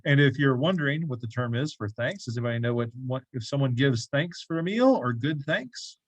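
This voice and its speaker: A man's brisk, medium-pitched voice with lively intonation comes through with no room sound. In a church classroom he gives casual teaching to a bible study group, conversing, asking questions and making jokey remarks.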